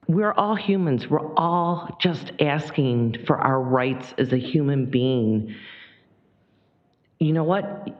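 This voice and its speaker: A woman from Michigan giving an impassioned public comment at a county board meeting, near tears and shifting between rushing and slow emphasis. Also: very deep voice, lively intonation, lo-fi sound.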